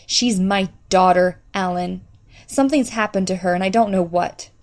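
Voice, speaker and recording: A woman voicing a distraught middle-aged mother who is searching for her daughter, speaking in a halting, strained way as she holds back tears. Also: mid-range voice, darkish tone, close to an everyday voice. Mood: anguished.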